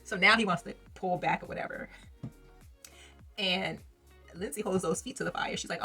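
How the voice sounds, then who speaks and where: A young woman talks through a reality show episode in a loose, chatty vlog. Her voice sits low and comes out very husky and breathy, and she laughs often and tosses slangy asides to her viewers. Faint music plays behind her. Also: moderate pace, long pauses, sharp tone. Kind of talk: casual commentary vlog.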